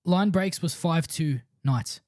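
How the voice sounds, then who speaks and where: A man's voice: a little high, slow pace, a little mellow. Chatty man rattling off stats. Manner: enthusiastic, reads out stats, says bro. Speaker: podcast co-host. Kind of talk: casual sports chat.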